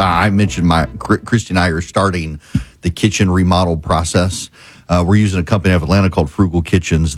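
A man's voice: deep voice, breathy edge. A male talk radio host chatting casually and rambling with many restarts. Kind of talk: casual chat. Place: radio studio.

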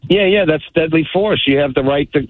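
A man's voice: a little high, fairly quick, no room sound. A man calling in to a radio show and telling a family story in a casual way over the phone. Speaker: caller. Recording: tinny phone line.

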